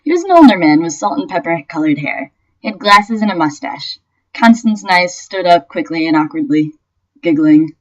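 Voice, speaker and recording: A young woman reads a story she wrote, her voice sitting a little low for a woman. She tells it in a lively way and breaks into laughter now and then. The sound is dull and lo-fi, like a cheap webcam mic. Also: moderate pace. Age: young adult. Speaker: vlogger. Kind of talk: reading her own story aloud.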